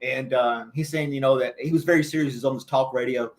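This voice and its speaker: A man's voice: mid-range voice, fairly even intonation, quick pace. A man hosting a casual chat show, talking loosely and laughing often. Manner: chatty, laughs a lot. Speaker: host.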